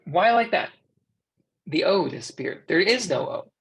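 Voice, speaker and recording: An interpreter with an American accent gives voice to a sign language instructor during a class lecture, chatting with the students and tossing out rhetorical questions. The voice is medium-pitched and gravelly with a fairly bright tone, moves a little slowly, and swings widely in pitch.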